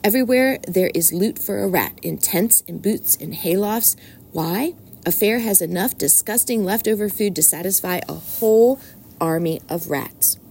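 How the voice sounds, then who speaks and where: A woman voicing a wise, persuasive old barnyard sheep in a storybook reading, slowly savoring long lists. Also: medium pitch, darkish tone, a little hiss or hum, natural voice. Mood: coaxing.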